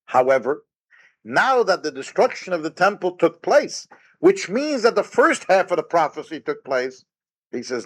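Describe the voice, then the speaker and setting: A man's voice: high voice, big pitch swings, normal speed. A man, a rabbi, giving a recorded Torah lecture, emphatic and full of rhetorical questions. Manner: retells Talmud story with quoted sage dialogue.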